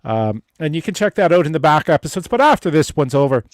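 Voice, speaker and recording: A man's voice: fairly high pitch, very animated, quick pace, no echo, clean studio sound. A man hosting a relationship advice livestream, chatting casually with viewers and guests, stumbling over restarts and swearing freely. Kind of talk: casual livestream chat reading viewer comments.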